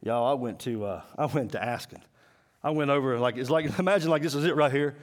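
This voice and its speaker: A man's voice: medium pitch, a little fast. Folksy man preaching. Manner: folksy storytelling, acts out voices, drops to hushed intensity. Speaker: school chapel speaker. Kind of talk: sermon.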